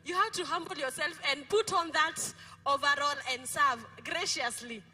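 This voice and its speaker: A middle-aged woman pastor with a Kenyan accent, preaching a lively sermon in a church, playful and quizzing her congregation. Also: sits high, moderate pace. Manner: playful, code-switching, asks the congregation questions. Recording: music behind the preaching.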